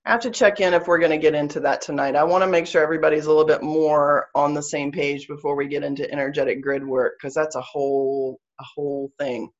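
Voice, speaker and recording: A woman's voice: low voice, steady tone, fast talker, few pauses, muffled recording. A woman with a Southern US accent teaching a live online class on spiritual practice, earnest and explanatory, repeating her key phrases.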